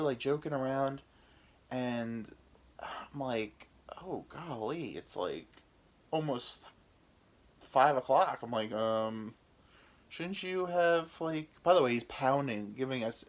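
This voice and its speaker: Rambling American man telling a story. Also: medium pitch. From United States. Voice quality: rambling, profane, self-mocking. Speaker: podcast host. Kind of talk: casual comedic storytelling.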